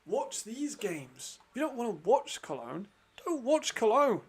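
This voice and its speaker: A man hosting a football watch-along, commenting live with excitement, frequent swearing and laughter. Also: very high-pitched, unhurried, breathy edge.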